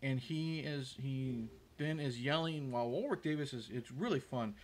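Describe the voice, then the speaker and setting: A man's voice: medium pitch, expressive, normal speed, a little hiss or hum. A man hosting a show, casually recapping a movie scene in a rambling, hesitant way with many fillers and restarts. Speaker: host. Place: room with a window.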